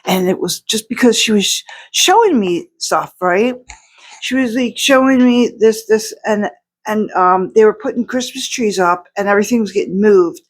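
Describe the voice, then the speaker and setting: A woman's voice: medium pitch, moderate pace. Rambling chatty woman vlogging at home. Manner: rambling, chatty, many restarts and fillers. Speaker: outsider artist vlogger. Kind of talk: casual chat to camera.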